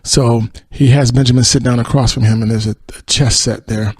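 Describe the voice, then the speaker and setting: A man's voice: mid-range voice, steady tone, fairly quick, slightly rough, dry recording. A male podcast host casually retelling a TV episode, rambling with many fillers and acted-out quotes.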